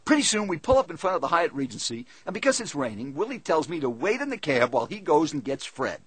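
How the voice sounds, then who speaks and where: Husky-voiced male speaker, animated storytelling, higher-pitched delivery. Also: quick pace, no echo. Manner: lively, conversational, animated storytelling. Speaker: seminar speaker. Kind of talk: first-person storytelling talk.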